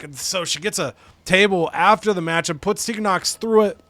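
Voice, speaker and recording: A man casually recapping a wrestling management game, animated and profane, slipping into other characters' voices. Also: high voice, a little fast. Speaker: let's play host.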